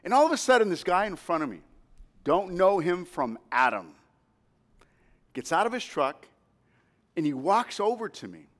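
High-voiced preaching man in his fifties. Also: big pitch swings, normal speed, long pauses. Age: 50s. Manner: storytelling, drops to a hush then rises to emphatic calls; asks the congregation for responses. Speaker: pastor. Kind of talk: sermon.

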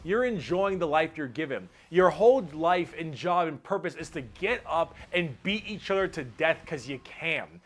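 An excitable young man rattles through a casual explainer, his voice sitting a bit higher than most men's. He rambles and swears freely, full of enthusiasm. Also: moderate pace, few pauses. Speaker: video narrator explaining game factions.

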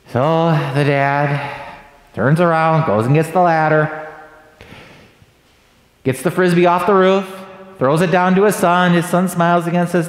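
A fairly high-voiced man preaching from the pulpit and telling homey stories. His voice rings through a large church with a long, echoing reverb. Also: steady tone, a little slow, pauses often. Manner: acts out family dialogue in anecdotes. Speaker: pastor. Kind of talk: sermon with storytelling. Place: church sanctuary.

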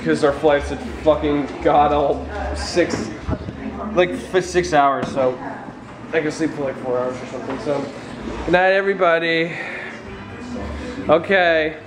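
A man's voice: fairly high pitch, a little slow, pauses often, music in the background, poor audio. A man chatting casually for a vlog, joking, laughing a lot and swearing offhand. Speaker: vlogger.

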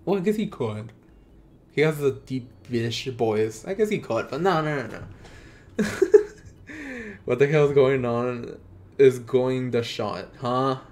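A man from Mexico with a Mexican accent, chatting casually and teasingly with viewers while streaming a game. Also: mid-range voice. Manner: playful, teasing banter with viewers, quick laughs, swearing. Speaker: live streamer. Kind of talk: casual gaming live-stream chat.

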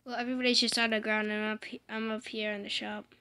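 Bright, playful young woman gaming. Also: fairly high pitch, quick pace, clean tone. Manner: playful, rambling, loud excited outbursts. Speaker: gamer. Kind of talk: casual gameplay commentary. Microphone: desk microphone.

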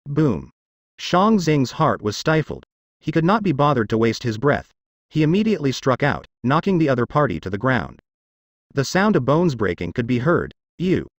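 A man reads a fantasy novel aloud as scripted narration, even and unhurried. His pitch rises and falls freely, and the sound is close and dry. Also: dry recording, highs cut off. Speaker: audiobook narrator.

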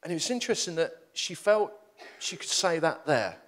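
A middle-aged man, preaching in a storytelling sermon, animated and self-deprecating, rambling with restarts. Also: fairly high pitch, moderate pace.

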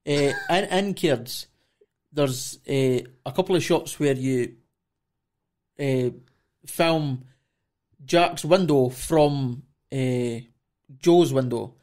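A man co-hosting a podcast, asking a halting, uncertain question. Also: medium pitch, a little mellow. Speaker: podcast co-host. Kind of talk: casual interview chat.

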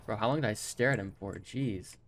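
A man giving excited live gameplay commentary, yelping and swearing whenever something surprises him. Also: fairly low pitch, fairly quick, heavy background noise. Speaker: gaming streamer. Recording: loud game gunfire under voice.

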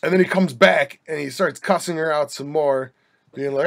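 A young man with a slightly higher voice than most tells a long story on his podcast. He rambles and restarts, throws in asides, and keeps a wry, joking edge throughout. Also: normal speed, gravelly. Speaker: podcast host. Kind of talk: casual storytelling monologue.

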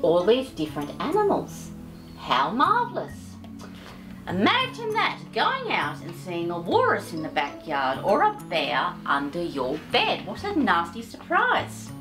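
A woman's voice: lowish voice, huge pitch swings, unhurried, music in the background. A woman storyteller reading a picture book aloud, doting and chatty, fussing over her pet between pages. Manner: doting, sing-song and chatty.

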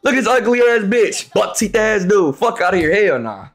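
Young male streamer, high-voiced, brash and profane, yells at chat constantly. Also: lively intonation, normal speed. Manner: loud, profane, trash-talking, often shouting. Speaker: live streamer. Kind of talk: hyped live-stream chat with viewers.

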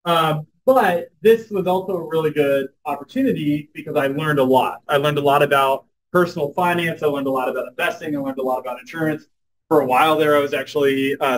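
A young man giving a storytelling talk, animated and filling his speech with "like" and "um". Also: a little high, low-quality recording. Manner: animated, says "like" and "um" a lot. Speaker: guest speaker at a club meeting.

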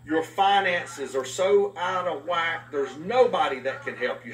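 A man preaching a sermon as a pastor, telling a story with voiced quotes in an animated way. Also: on the high side, a little slow, few pauses. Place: live-streamed talk. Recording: echoey room from far off, faint noise.

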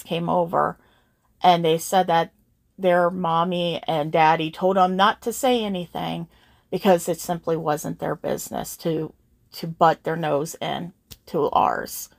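A woman's voice: lowish voice, vocal fry, no room sound. A young adult woman hosting her channel, talking to her viewers in a heartfelt, earnest way, emotional and holding back tears. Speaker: channel host. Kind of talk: heartfelt personal talk to viewers.

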